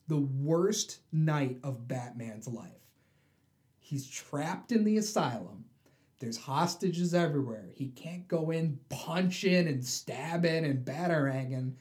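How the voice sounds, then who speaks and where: A man's voice: a little high, slow pace. A man co-hosting a casual podcast, retelling a comic book story with lots of energy and acting out the characters' lines. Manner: animated storyteller, acts out the characters' voices. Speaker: podcast co-host.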